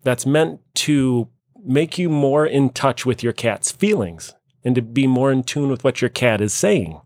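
A man's voice: mid-range voice, animated, a little slow, darkish tone, dry recording, studio quality. A man hosting a casual talk show, playfully quizzing and teasing his co-hosts. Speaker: host. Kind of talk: casual chat.

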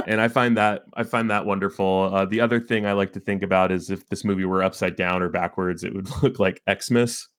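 Low-voiced man, playful co-host, casual banter. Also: flat delivery. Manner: joking, playful, quick to laugh. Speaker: podcast co-host. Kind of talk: casual chat.

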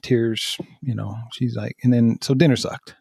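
A man's voice: medium pitch, fairly even intonation, a little slow, creaky, a little mellow, slightly rough, no echo, studio quality. A middle-aged man, a podcast co-host, telling candid personal stories in an earnest, self-deprecating way and laughing through them.

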